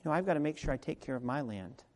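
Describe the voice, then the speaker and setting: A man preaching a sermon as pastor, talking in a conversational way that drops to quiet asides and rises to loud, emphatic peaks. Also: medium pitch, animated, very fast. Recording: long reverb of a large hall.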